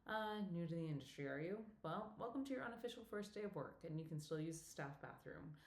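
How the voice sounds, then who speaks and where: A woman's voice: fairly low pitch, animated, fast talker, gravelly. A woman narrator voicing a friendly, teasing older woman who works at a theater box office, with a faint Welsh accent. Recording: echoey room.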